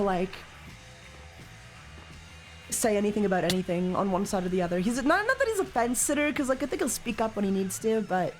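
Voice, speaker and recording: A woman with a medium-pitched voice streams herself playing a game, chatting casually, cracking jokes and swearing, and every so often launching into loud mock rants.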